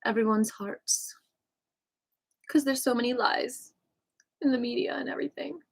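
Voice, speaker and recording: A woman leading a casual qi gong class in a playful, joking way, with soft whispered cues for breathing. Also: high-pitched, fairly even intonation, normal speed, creaky, breathy edge. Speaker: qi gong instructor.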